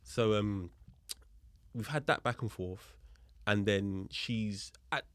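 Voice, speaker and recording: A man, a police officer as a guest, telling a story in a casual, animated way, acting out the dialogue and explaining the law as he goes. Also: fairly low pitch, slow, clear, resonant tone, dry recording, studio quality.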